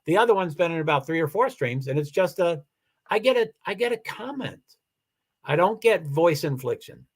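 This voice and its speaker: A man hosting his own livestream, reading viewer comments aloud in casual talk, halting with many restarts and turning firm and insistent. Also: fairly high pitch, lively intonation, breathy edge. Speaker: livestream host.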